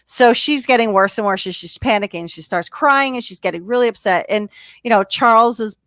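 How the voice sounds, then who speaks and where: A woman co-hosting a casual podcast, swearing freely as she tells a story with animated energy. Her voice sits at an ordinary pitch for a woman. The sound is dry and close, with no room echo. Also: fairly quick. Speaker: podcast co-host. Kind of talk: casual chat recapping a reality show.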